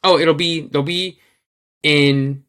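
A man's voice: fairly high pitch, fairly even intonation, takes it slowly, fairly bright tone. A man co-hosting a podcast in casual chat, rambling with many fillers and restarts, and swearing freely. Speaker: podcast co-host.

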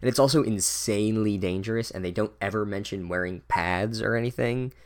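A man's voice: fairly low pitch, a little fast. A man giving a sarcastic, exasperated and profane comedic book recap. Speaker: book reviewer.

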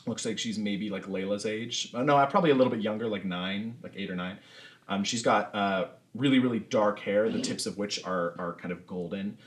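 A man narrating as game master in a tabletop game, relaxed and full of fillers. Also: lowish voice, fairly quick.

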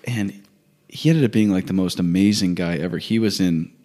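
A man's voice: low voice, normal speed. A man in his thirties, co-hosting a casual chat and telling stories with jokes. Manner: joking, animated storyteller. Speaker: co-host.

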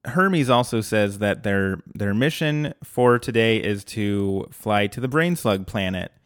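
A man's voice: lowish voice, animated, a little slow, clean tone, no room sound. A man co-hosting a casual podcast, talking in a dry, jokey way and quoting lines. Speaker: podcast co-host.

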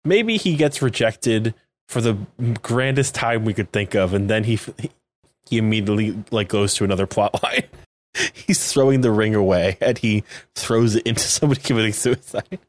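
A man's voice: lowish voice, moderate pace, dry recording. A man co-hosting a podcast, recapping episodes in a rambling, casual way, laughing often and leaning on fillers. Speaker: podcast co-host.

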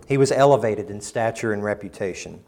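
A male pastor moves briskly through his sermon, punctuating it with emphatic surges and quiet, low stretches. He occasionally slips into mock voices to act out what others said.

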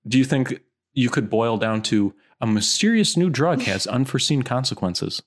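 A man's voice: mid-range voice, normal speed. A man co-hosting a podcast, chatting casually and joking while reading movie blurbs aloud. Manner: animated, jokey, reads movie blurbs aloud. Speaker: podcast co-host.

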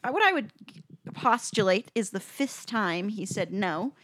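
Brief: young woman co-host, chatty storyteller, loose filler-laden delivery, mid-pitched. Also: animated, a little slow, a bit bright. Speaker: podcast co-host. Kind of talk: casual chat.

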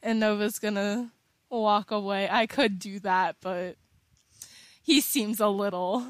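A woman's voice: medium pitch, fairly even intonation, slow, dry recording. A woman playing a tabletop role-playing game, playful and mischievous in her turns. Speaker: player. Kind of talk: casual tabletop play.

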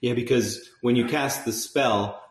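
A man's voice: medium pitch, measured pace, roomy sound. A man recapping a tabletop game session as game master, chatty, often laughing and restarting his sentences.

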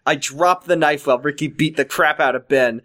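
A man's voice: a little high, a little fast, fairly bright tone. A man reading a fan story aloud for laughs, hamming up the lines and joking between them. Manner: jokey, over-the-top dramatic reading. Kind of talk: comedic dramatic reading with chat.

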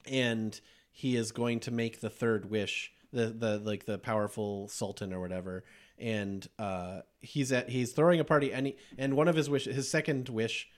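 A man hosting a podcast, chatting casually about movies, enthusiastic and quick to laugh as he recounts scenes with plenty of fillers. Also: medium pitch, fairly even intonation. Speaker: podcast host.

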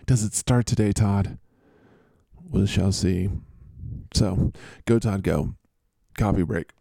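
A man's voice: fairly low pitch, takes it slowly, vocal fry, dark tone, dry recording. A man hosting a casual chat, joking and rambling with a teasing manner. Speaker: host.

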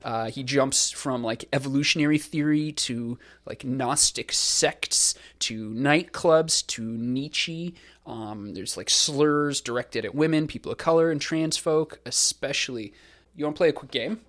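A man hosting a podcast in a casual, conversational way, with a mid-range voice. He swears freely and stays sardonic and lively. He lays out his points like a talker who enjoys mocking what he discusses. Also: medium pitch, unhurried. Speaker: podcast host.

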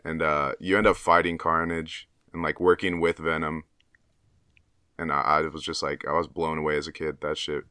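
A young man co-hosts a casual podcast in a very deep voice with a bright edge. He rambles, fills gaps with "like", and swears freely. The sound is dry and close. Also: level tone, normal speed, clear, resonant tone, dry recording. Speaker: podcast co-host. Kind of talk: casual chat.

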